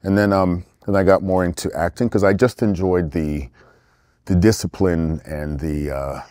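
A middle-aged actor from England, speaking as an interview guest in a rambling, animated way with many restarts. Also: male voice, low-pitched, moderate pace, no room sound. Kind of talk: casual interview talk.

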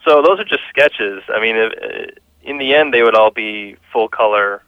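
A man being interviewed as a guest about his children's books, relaxed and chuckling as he talks. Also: fairly low pitch, normal speed, clear, resonant tone, no echo. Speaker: guest, children's book author and illustrator. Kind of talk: casual interview chat. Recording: dry, dull lo-fi sound.

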